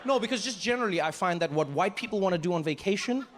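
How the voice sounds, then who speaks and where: A man from Africa doing stand-up, telling stories with animated energy and jumping into put-on voices. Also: sits high, fast talker. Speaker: stand-up comedian. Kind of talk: stand-up storytelling. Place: large comedy venue. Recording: live comedy hall with long reverb.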